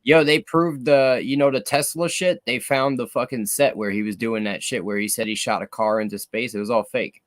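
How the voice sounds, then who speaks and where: A man's voice: mid-range voice, steady tone, moderate pace, few pauses, no echo. A man talking in a loose, profane podcast chat. He pushes his points hard and keeps checking that everyone is following. The sound is dry and close. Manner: profane, emphatic, keeps checking in with "you know what I mean". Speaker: podcast co-host. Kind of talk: casual conspiracy chat.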